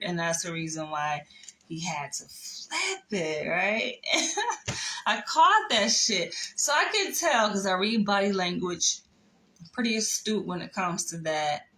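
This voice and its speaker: A woman's voice: fairly low pitch, a bit bright, rough recording. A woman casually telling a personal story, chatty, with laughs, asides and the odd whisper. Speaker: vlogger.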